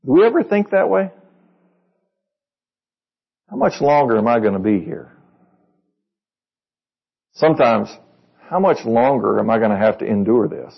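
A man's voice: mid-range voice, very animated, a little slow, creaky, pauses often, slightly rough, highs cut off. A man preaching a sermon to a congregation in a conversational way, reading verses and asking them questions. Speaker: pastor.

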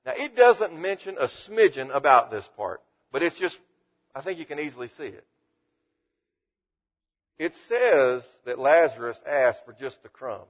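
A man's voice: on the high side, expressive, a little slow, highs cut off. A man teaching through Bible verses in a conversational way, reading each passage and then explaining it. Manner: conversational, reads verses and paraphrases them. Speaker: preacher.

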